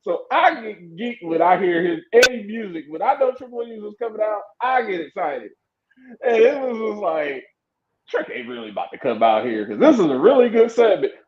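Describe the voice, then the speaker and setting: A man co-hosting a casual wrestling chat, animated and excitable, often slipping into impressions. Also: high voice, moderate pace, muffled recording. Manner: excitable, animated storyteller who slips into impressions. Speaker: podcast co-host.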